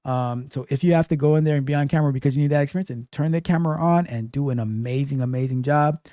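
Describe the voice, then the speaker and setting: A man hosting a casual call-in tech advice show, talking in an animated, emphatic way and often repeating himself. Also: a little high, fast talker, no room sound, clean studio sound. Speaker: host.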